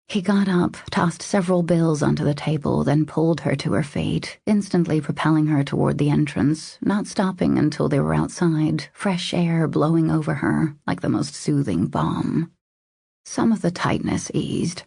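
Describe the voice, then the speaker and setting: A woman narrating a romance audiobook in a steady, measured reading style. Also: sits low, vocal fry, breathy edge, dry recording, studio quality. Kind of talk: scripted narration.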